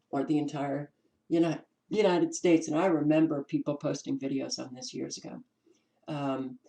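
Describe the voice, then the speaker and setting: Woman, New York accent, channel host, casual commentary, unhurried delivery, mellow dark tone, frequent ums. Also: low voice, rough recording. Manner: unhurried, stops to restart words, many ums. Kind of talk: casual commentary reading from documents.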